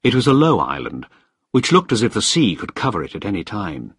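A man narrating a first-person story in a measured, firm way. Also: on the low side, huge pitch swings, fairly bright tone, slightly rough, no echo, clean studio sound. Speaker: audiobook narrator.

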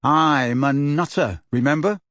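A man reading the part of a wary, grumpy teenage boy wizard who answers reluctantly and haltingly. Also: on the high side, a bit bright, dry recording. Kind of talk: audiobook character voice.

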